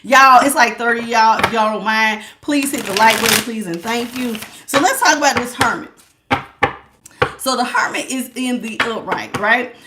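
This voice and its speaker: A woman's voice: a little high, moderate pace, very noisy. A woman giving a live spiritual tarot reading, preachy and emphatic, repeating words for stress. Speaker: tarot reader.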